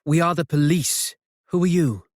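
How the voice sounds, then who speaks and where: Calm female cop, reassuring, slightly raised pitch, male narrator playing her. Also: moderate pace, no room sound, studio quality, natural voice. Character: determined female police detective.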